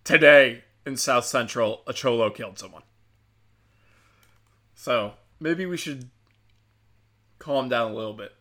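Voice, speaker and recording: A man's voice: medium pitch, a little slow, long pauses, pushed and bright. A man hosting a show, ranting in profane, sarcastic commentary and mocking the people he talks about.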